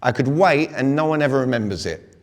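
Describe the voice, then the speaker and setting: A man's voice: medium pitch, fairly quick. A man with a British accent coaching a live audience on sales communication and firing rhetorical questions at the room. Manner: energetic, fires rhetorical questions at the crowd. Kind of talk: live seminar talk. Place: large hall with an audience. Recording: long hall reverb.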